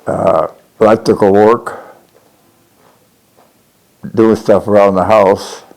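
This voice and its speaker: A man aged one hundred from upstate New York, answering interview questions in short, halting replies and often repeating the question back. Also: lowish voice, little pitch movement, darkish tone. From Niagara Falls, New York. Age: 100. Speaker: interviewee, war veteran.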